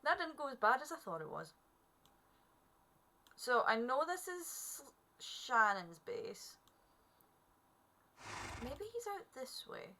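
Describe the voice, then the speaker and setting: A woman's voice: high-pitched, sing-song, slow, pauses often, pushed and bright, a little hiss or hum. A woman, chatting playfully to herself and the animals while streaming a game. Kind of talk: casual gameplay commentary. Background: background music.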